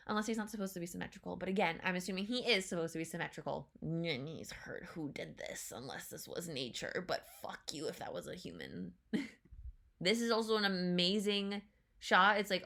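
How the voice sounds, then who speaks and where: A woman hosting a trailer reaction video, chatting casually in an excitable, rambling way, with frequent swearing and filler words. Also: mid-range voice, moderate pace, creaky.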